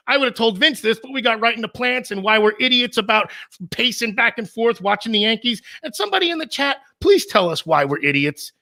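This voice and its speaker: A man co-hosting a live stream in casual chat, rambling and teasing in an animated way. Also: very high voice. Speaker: co-host.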